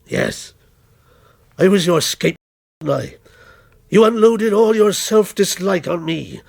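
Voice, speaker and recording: A man playing a vengeful policeman who taunts with slow, cold menace, his voice gravelly and a little husky, rising and falling a great deal. A dark figure from a short story read aloud. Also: high voice, animated, pitched above the performer's own voice, full character voice. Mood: menacing. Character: menacing male policeman, a vengeful character come alive.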